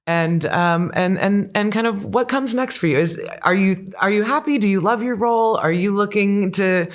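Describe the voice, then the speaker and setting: Woman host with quick affirmations. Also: medium pitch. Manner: encouraging, frequent short affirmations. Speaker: podcast host. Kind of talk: interview chat.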